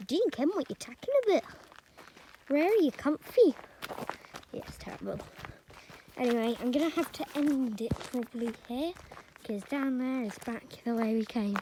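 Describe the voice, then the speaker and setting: A woman's voice: on the high side, warm tone. A woman narrating a casual nature walk vlog outdoors, rambling and chatty with joking asides. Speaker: nature vlogger. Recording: noisy outdoor recording. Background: rural outdoor noise, birds.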